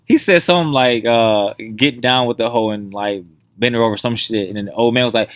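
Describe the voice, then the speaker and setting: A man's voice: mid-range voice, a little fast, no echo. A man co-hosting a podcast in casual chat, telling funny stories and acting out the people in them, swearing freely. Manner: animated storyteller, acts out quotes, swears freely. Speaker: podcast co-host.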